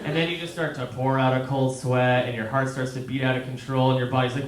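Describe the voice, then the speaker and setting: Performing stand-up in a small theater, this man talks briskly in a mid-range voice with few pauses. He chats with the audience and throws questions at them while laughter fills the roomy live recording.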